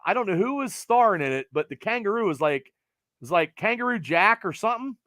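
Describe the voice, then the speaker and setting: Fast-talking with a voice that sits high, a middle-aged Pennsylvania man hosts a sports podcast in a dry, echo-free recording. His chat is rambling and animated, often trailing off into fillers.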